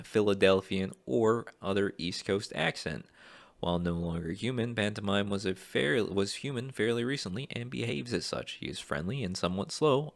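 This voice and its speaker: A man who wants to be a voice actor, reading casting calls aloud and thinking out loud in an unsure, rambling way. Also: fairly low pitch, creaky, no echo. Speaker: aspiring voice actor.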